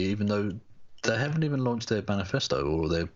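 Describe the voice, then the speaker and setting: A man's voice: fairly low pitch, sing-song, a little fast, dull audio. A man co-hosting a casual chat show, making sarcastic, mocking jokes. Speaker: co-host.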